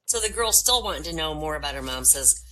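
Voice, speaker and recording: A woman comedian telling jokes in an animated storytelling manner, slipping into character voices, in an online voice room. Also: low-pitched, fast, poor audio. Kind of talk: stand-up joke telling.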